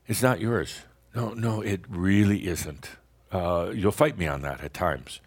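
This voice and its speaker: A man with a low, husky voice speaks at a measured pace as a spiritual teacher addressing a live group. His talk is rambling and playful, with frequent chuckles and restarted sentences.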